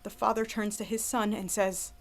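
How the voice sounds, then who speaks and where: Woman, joke telling, dramatic pauses, mid-pitched. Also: steady tone.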